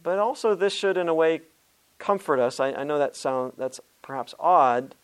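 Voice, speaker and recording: A man's voice: a little high, moderate pace, clear, resonant tone. A man preaching a sermon as a pastor, earnest and direct, calling his listeners friends. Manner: earnest, addresses listeners as friends, some restarts.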